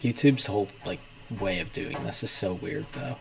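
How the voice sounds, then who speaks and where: A man's voice: fairly low pitch, normal speed, gravelly, rough recording. A young man hosting a casual livestream, rambling loosely as he talks himself through setting things up.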